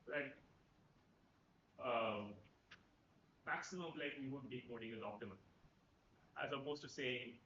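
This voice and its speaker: Professor, male, high animated delivery, conversational lecturing style, muffled and roomy hall recording. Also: slight background noise. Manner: conversational, keeps asking "right?". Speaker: professor giving a talk. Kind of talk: lecture to students.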